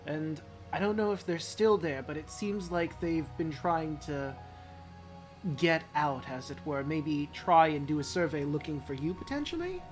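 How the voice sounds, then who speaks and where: A gracious goddess queen of wisdom, as a game master puts her on in a tabletop game. She speaks in a measured, kindly way with thoughtful pauses, and her voice sits at an ordinary middle pitch. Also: animated, faint music behind, close to an everyday voice. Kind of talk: tabletop game role-play.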